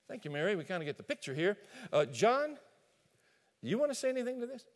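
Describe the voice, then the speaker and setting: Male pastor, sermon, animated storytelling, high voice, long hall reverb. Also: fast talker, long pauses. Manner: animated storytelling, addresses listeners directly.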